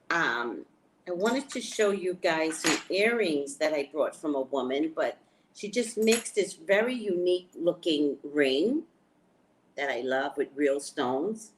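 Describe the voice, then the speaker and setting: Woman, lower-pitched, casual live vlogger, chatty and excitable, showing purchases to the phone camera. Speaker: spiritual reader and vlogger. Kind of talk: casual live chat to viewers.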